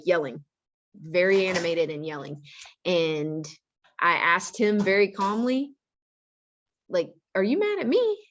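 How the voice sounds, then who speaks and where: A woman on a school's staff gives parents earnest, practical advice on handling angry teenagers in an informal parent-education talk. Her voice is fairly low in pitch and a bit bright, with a lo-fi sound and slight background noise.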